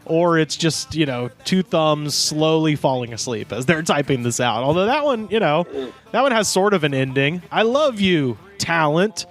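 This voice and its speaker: A man's voice: on the high side, lively intonation, normal speed, soft background music. A man, co-hosting a casual comedy podcast, reading comments aloud and laughing often. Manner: laughs often, slips into silly put-on voices for comments. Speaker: podcast co-host.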